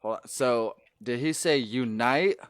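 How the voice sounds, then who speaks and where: A man playing a tabletop game who asks questions slowly. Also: medium pitch, smooth, dry recording. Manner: slow, questioning. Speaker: player.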